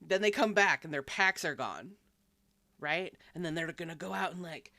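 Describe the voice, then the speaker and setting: A young woman co-hosting a casual podcast chat, riffing in an animated, exasperated, profane way. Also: fairly low pitch, normal speed, no echo. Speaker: podcast co-host.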